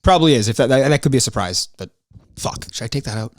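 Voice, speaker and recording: A man's voice: mid-range voice, lively intonation, quick pace, dry recording, studio quality. A man hosting a podcast, talking casually on his own, ranting and swearing, his voice jumping up when he gets worked up. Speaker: podcast host. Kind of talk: casual solo podcast monologue.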